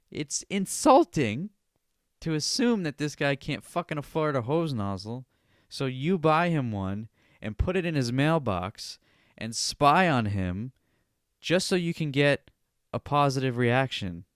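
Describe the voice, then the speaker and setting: A man delivers a solo podcast rant in a smooth, clear voice, cursing freely and jabbing "all right?" into his points. The sound is close and dry, with no room around it. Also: medium pitch, no echo. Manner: profane, indignant, ranting; repeats "all right?" as a verbal tic. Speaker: podcast host.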